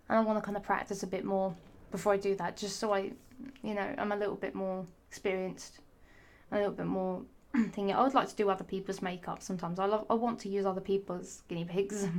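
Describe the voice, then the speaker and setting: A woman's voice: mid-range voice, vocal fry. A woman vlogger talking to camera in a casual, rambling way, a little hesitant and chatty.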